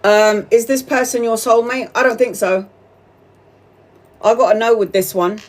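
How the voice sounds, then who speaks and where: A woman's voice: on the high side, steady tone, normal speed. A woman giving a casual live-stream tarot reading. She chats freely, swears and laughs often. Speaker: tarot reader.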